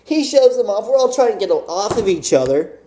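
High-voiced young man telling a story animatedly. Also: moderate pace, roomy sound, a little hiss or hum. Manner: animated, laughing, acts out the people in his story. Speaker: vlogger. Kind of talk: casual storytelling.

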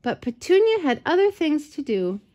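A woman reading a picture book aloud to a child, gentle and expressive, with chatty asides. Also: high voice, moderate pace, highs cut off. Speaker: storyteller for children. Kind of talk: read-aloud storytelling to a child.

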